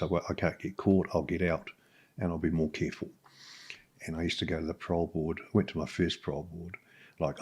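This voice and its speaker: Low, husky and somewhat dark in tone, a middle-aged New Zealand man speaks as a podcast guest. His account of his own life is frank yet halting, peppered with "um"s and false starts.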